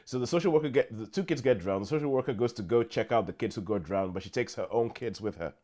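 A man hosting a casual chat, cutting in quickly to steer the conversation. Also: mid-range voice, a little mellow. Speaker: podcast host.

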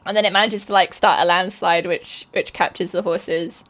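A woman's voice: fairly low pitch, fairly even intonation, normal speed, fairly bright tone. Rambling woman podcaster. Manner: rambling, laughing, lots of "like" and "um". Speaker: podcast co-host. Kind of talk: casual chat, retelling a book.

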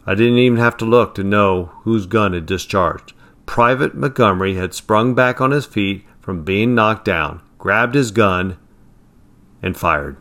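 A man's voice: fairly low pitch, fairly bright tone. A man narrating a first-person storybook aloud, with occasional slips and restarts.

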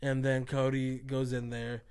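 A man's voice: medium pitch, monotone, unhurried, darkish tone, smooth. A man in casual podcast chat, retelling events and swearing as he goes. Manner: storytelling, swears, acts out quotes.

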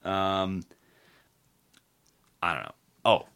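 A man's voice: sits low, extremely slow, gravelly, bright, forceful tone, clean tone. A man hosting a podcast in casual political chat, rambling with lots of fillers and restarts. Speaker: podcast host.

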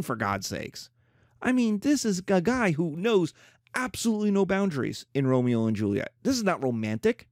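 A middle-aged man teaching a classroom lecture in an emphatic, animated way, slipping into playful mock voices. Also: a little high, normal speed, no room sound, clean studio sound. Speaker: history teacher.

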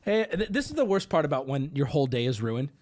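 A man streamer telling a story casually to his audience, animated, profane and exaggerated. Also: on the high side, fast talker.

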